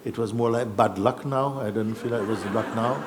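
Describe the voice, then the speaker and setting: Man, low voice, reflective, hesitant, soft laughs, satsang talk, faint background ambience. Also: normal speed, background noise. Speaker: spiritual teacher. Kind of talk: satsang storytelling. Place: satsang gathering in Rishikesh.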